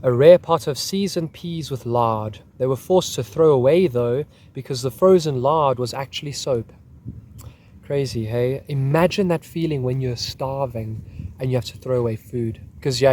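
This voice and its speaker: A man's voice: medium pitch, darkish tone, a little hiss or hum. A man hosting a history video, talking casually and reading out a soldier's account. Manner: chatty, repeating "crazy, hey?".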